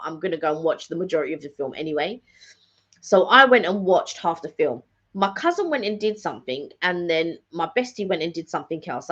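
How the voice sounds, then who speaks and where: A middle-aged woman talks casually in a live vlog catch-up, rambling and repeating phrases as she goes. Her voice sits fairly low. The recording is dull and lo-fi. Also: fairly bright tone. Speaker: vlogger hosting a live catch-up. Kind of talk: casual chat.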